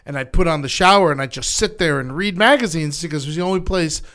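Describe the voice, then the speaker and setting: A man from Florida co-hosting a podcast, with a slightly high, smooth voice. He talks in loose, profane, laughing banter. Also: quick pace, a bit bright. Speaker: podcast co-host. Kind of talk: casual chat.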